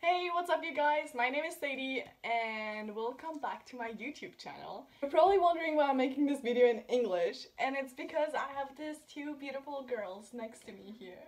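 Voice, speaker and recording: A woman's voice: high-pitched, lively intonation, moderate pace, hardly any pauses. Giggly woman host. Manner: giggly, chatty, swears casually. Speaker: YouTube host. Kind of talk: casual chat.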